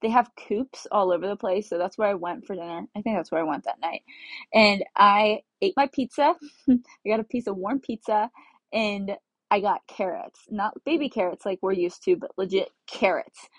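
Young woman vlogger, chatty storyteller, mid pitch, dry close sound. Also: normal speed, no echo. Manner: chatty, laughs often, acts out her own quotes. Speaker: travel vlogger. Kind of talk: casual travel storytelling.

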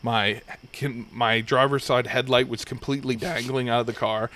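A young man in a laid-back podcast chat, spinning a rambling anecdote and swearing freely as he goes. His voice sits in an ordinary middle pitch and the delivery stays loose and conversational. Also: fairly even intonation, normal speed, fairly bright tone. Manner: rambling, profane anecdote telling. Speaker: podcast host. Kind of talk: casual storytelling chat.

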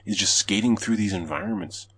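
A man with a deep, slightly rough voice hosts a casual gaming podcast. He moves through the news and gives blunt, opinionated takes, swearing freely. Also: sing-song, fairly quick, fairly bright tone. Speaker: podcast host reading game news.

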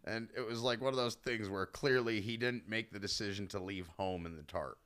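A man's voice: on the low side, fairly quick, a bit bright, smooth. A man co-hosting a casual podcast chat, laid-back and agreeable, often chiming in. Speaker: podcast co-host.

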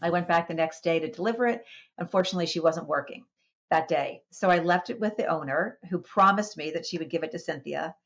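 A woman guest on a podcast, recounting her story with an expressive, lively delivery and frequent small restarts. Her voice sits low for a woman. The recording is dull and lo-fi. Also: brisk, creaky. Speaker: wellness coach and author, interview guest.

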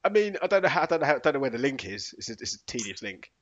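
Animated man chatting on a podcast. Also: mid-range voice, racing, highs cut off. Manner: animated, playful, bursts into sung and put-on voices. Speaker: podcast co-host. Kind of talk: casual chat.

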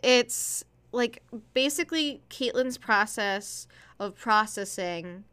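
A woman's voice: mid-range voice, expressive, takes it slowly, a bit bright, smooth. A woman co-hosting a podcast, chatting candidly and rambling a little with jokes. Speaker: podcast co-host. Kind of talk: casual chat.

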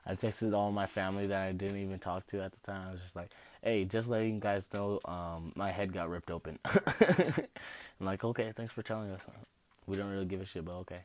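A man's voice: low voice, brisk. A young man telling stories about his injuries in a rambling, casual way, with laughs and casual swearing. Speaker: host. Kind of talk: casual storytelling.

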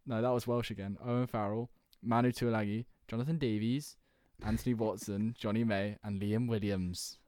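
Dry, animated young man in banter. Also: lowish voice, moderate pace, hardly any pauses, no echo. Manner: animated, argumentative, rattles off lists. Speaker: podcast co-host. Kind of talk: casual sports banter.

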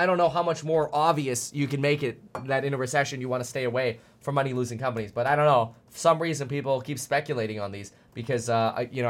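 A man's voice: medium pitch, fairly bright tone. A man streaming finance commentary, ranting bluntly and fired up, often stumbling over repeated words.

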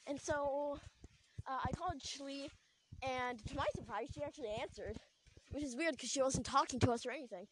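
A woman's voice: high voice, moderate pace, background noise. A young woman hosting a podcast, telling a story in a rambling casual way full of likes and ums, recorded outdoors at night. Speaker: podcast host. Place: outdoors at night, sitting on a trampoline.

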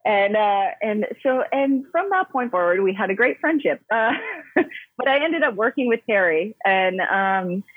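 A woman's voice: mid-range voice, animated, unhurried, slightly rough, no echo. A woman, a yoga coach who works with professional athletes, telling stories as an interview guest in an emphatic, chatty way, with many fillers and restarts. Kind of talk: casual interview storytelling. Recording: dry, phone-like narrow sound.

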